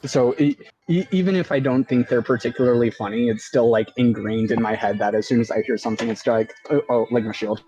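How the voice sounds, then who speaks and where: A man chatting over voice chat while gaming, halting and hesitant with many fillers. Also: mid-range voice, warm tone. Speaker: stream co-player. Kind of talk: casual voice-chat banter. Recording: dull lo-fi mic, faint music.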